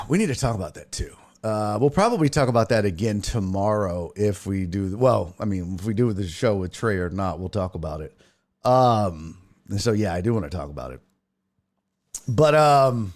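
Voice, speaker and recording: A man hosting a sports talk show, chatting casually in an animated, profane way that jumps between tangents. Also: on the low side, normal speed. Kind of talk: casual chat.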